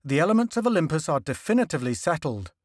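A man reading a measured male astronomer. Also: on the high side, sing-song, a little mellow, no room sound, studio quality. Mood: explaining. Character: learned, earnest male astronomer.

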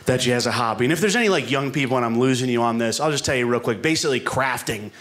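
A man's voice: mid-range voice, very fast, a bit bright. A man doing a rambling, self-deprecating stand-up routine on a comedy club stage, speaking into a handheld mic. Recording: live comedy set with room noise.

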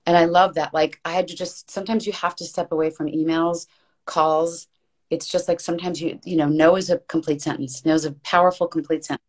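A woman's voice: deep voice, fairly even intonation, fairly quick. A woman guest in a casual interview, talking earnestly and emphatically, repeating words for stress and restarting her thoughts as she rambles. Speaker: podcast guest, voice actress and coach.

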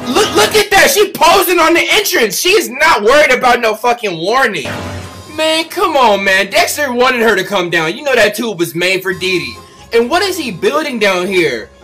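Man, comedic commentary, mocking, profane, lively pitch, light music. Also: moderate pace.

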